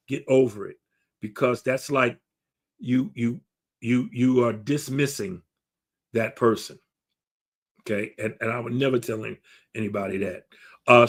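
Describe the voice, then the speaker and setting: A man talking to camera as a grief counselor, giving earnest advice with many fillers and restarts. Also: mid-range voice.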